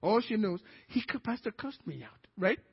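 Male pastor, Nigerian accent, husky, lifts his voice high as he preaches; muffled lo-fi church recording. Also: moderate pace, long reverb tail. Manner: animated preaching, acting out quoted dialogue. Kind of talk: sermon. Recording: dull lo-fi sermon recording.

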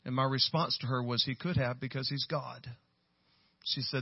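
A pastor, preaching a storytelling sermon that swells to loud, high peaks. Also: male voice, steady tone, normal speed, vocal fry, husky, no room sound, lo-fi sound. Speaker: guest pastor.

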